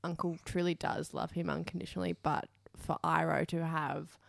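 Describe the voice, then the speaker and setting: A woman's voice: low-pitched, steady tone, normal speed, creaky, no room sound, studio quality. A woman co-hosting a casual podcast, chiming in often, laughing, and getting emotional about favourite scenes. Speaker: podcast co-host. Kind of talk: casual chat.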